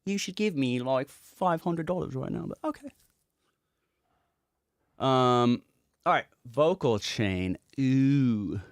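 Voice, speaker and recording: A man's voice: mid-range voice, lively intonation, slow, long pauses, no echo, studio quality. A man casually walking through a song's production session as a music producer, chatty and rambling and swearing now and then.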